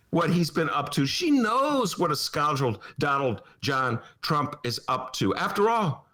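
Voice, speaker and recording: A man hosting a comic political talk show from his attic, sarcastic and animated, with a Chicago accent. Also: fairly high pitch, moderate pace. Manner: sarcastic, animated, jumps between mock voices and asides. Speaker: podcast host. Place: home attic studio.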